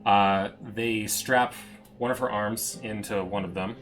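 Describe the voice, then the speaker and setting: A man's voice: fairly low pitch, steady tone, a little slow, fairly bright tone, faint music behind. A man narrating as game master of a tabletop game, hesitant and full of fillers.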